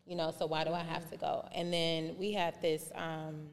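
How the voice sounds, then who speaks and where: A woman telling a long personal story in a casual podcast chat, animated and acting out remembered dialogue in different voices. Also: deep voice, normal speed. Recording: reverberant room with faint background noise.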